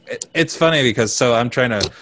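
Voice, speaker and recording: A man's voice: medium pitch, a little fast, a bit bright. A man hosting a podcast in casual chat, joking, laughing often and trailing off into fillers. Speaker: podcast host.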